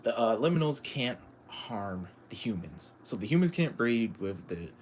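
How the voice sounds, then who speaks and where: A man's voice: medium pitch, very animated, normal speed, a little hiss or hum. A man streaming casual commentary on a manga, rambling with lots of fillers and frequent chuckles.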